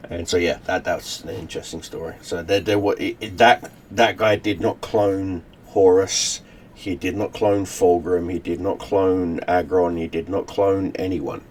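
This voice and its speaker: A man's voice: deep voice, fairly even intonation, measured pace, darkish tone, a little hiss or hum. A man hosting his channel, casually retelling a story he wrote, rambling with many restarts and fillers. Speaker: channel host. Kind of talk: casual story recap to camera.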